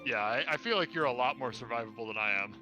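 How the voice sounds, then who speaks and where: A man's voice: mid-range voice, fast, lo-fi sound, music in the background. A man playing a tabletop game, talking with amused energy. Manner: amused, lively. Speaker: player. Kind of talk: casual game chat.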